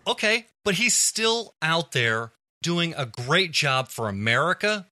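A man's voice: fairly high pitch, sing-song, a little slow, bright, forceful tone, dry recording, clean studio sound. A man on a comedy podcast panel, making his argument in a playfully pompous, mock-earnest way. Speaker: podcast panelist arguing a case. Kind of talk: casual comedic debate.

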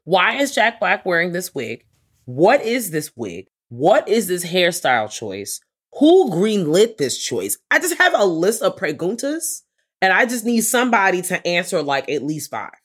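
A woman's voice: on the low side, sing-song, unhurried, slightly rough. A woman co-hosting a movie podcast, talking bluntly and profanely in casual chat. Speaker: podcast co-host.

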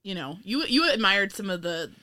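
Bright, lively woman podcaster. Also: mid-range voice, moderate pace. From New York state. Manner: rambling, laughs often, swears casually. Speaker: podcast co-host. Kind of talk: casual film-review chat.

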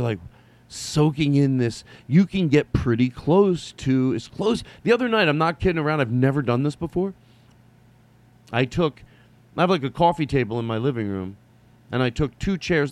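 A man rambling through a casual solo monologue to his viewers, digressive, with casual swearing and lots of fillers. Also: mid-range voice. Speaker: vlogger.

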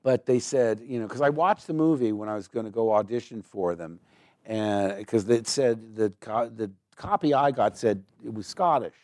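A man's voice: on the low side, a little mellow, dry recording. Rambling American man in a dry room. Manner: rambling, quick, full of restarts and asides. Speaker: voice actor interviewed as a guest. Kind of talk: casual interview storytelling.

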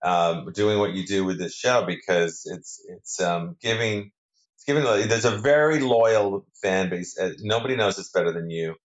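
Deep-voiced man chatting as a guest. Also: moderate pace. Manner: rambling, with many restarts and fillers. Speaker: soap opera actor guest. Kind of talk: casual interview chat.

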